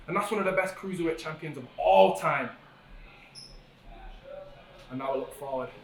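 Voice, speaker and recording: A man's voice: on the high side, slight background noise. Brash young man cutting a wrestling promo. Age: young adult. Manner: brash, boastful trash talk. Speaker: pro wrestler. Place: backstage hallway at a wrestling show. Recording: roomy hallway audio from far off.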